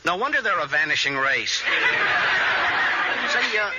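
A man's voice: a little high, very animated, highs cut off. An actor playing a wisecracking young fix-it man in a 1940s radio comedy. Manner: wisecracking, quick comebacks. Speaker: comic lead. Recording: noisy old radio broadcast.

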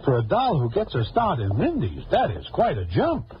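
A man's voice: on the high side, huge pitch swings, normal speed, very noisy. Wry man narrating an old radio drama. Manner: wry, amused, Broadway slang. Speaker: narrator and lead character. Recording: dull lo-fi old radio recording with music.

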